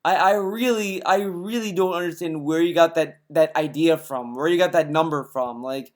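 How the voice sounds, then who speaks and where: Sarcastic male ranter, fairly high voice, swearing nonstop, exasperated reaction commentary. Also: moderate pace.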